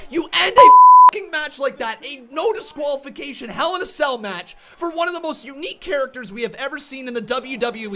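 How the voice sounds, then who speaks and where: A young man in an angry shouted rant, swearing and repeating himself as he reacts to a wrestling show. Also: very high-pitched.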